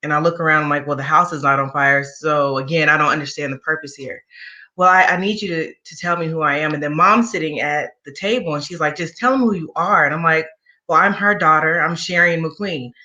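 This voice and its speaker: Bright-toned woman telling a candid story. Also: sits low, a little fast, lo-fi sound. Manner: candid, conversational, wry asides. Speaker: guest sharing a personal story. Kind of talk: personal storytelling in an interview.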